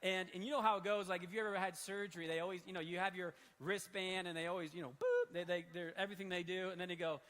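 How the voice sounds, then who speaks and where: A man in his thirties preaching in a church hall, telling a story in an animated, conversational way. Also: sits high, quick pace, few pauses. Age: 30s. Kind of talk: sermon storytelling. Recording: long hall reverb.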